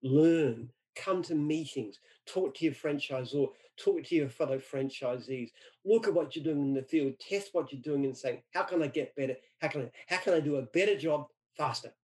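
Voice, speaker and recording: A man's voice: fairly high pitch, moderate pace, a little mellow, poor audio. A middle-aged man from Australia answers interview questions with anecdotes. He speaks emphatically and repeats words when he restarts a sentence. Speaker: franchise founder.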